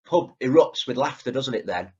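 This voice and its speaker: A man's voice: mid-range voice, animated, normal speed, darkish tone, breathy edge, dull audio. A man co-hosting a podcast in casual chat, chatty and fond of tag questions as he retells scenes. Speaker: podcast co-host.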